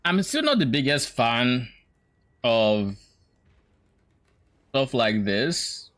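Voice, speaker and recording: A man's voice: mid-range voice, sing-song, very slow, fairly bright tone. A young man streaming, giving casual, opinionated reaction commentary with hesitant restarts.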